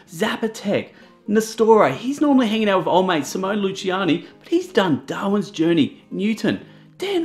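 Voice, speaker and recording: Explaining how a board game works, a man keeps things comedic and animated with jokes and slangy remarks. Faint background music accompanies him, and his pitch jumps around a lot between lines.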